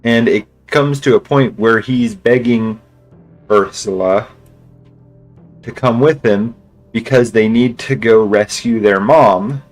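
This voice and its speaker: A man's voice: mid-range voice, takes it slowly, faint music behind, rough recording. A male streamer casually retelling a story in a rambling way, full of restarts and filler words. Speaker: game streamer.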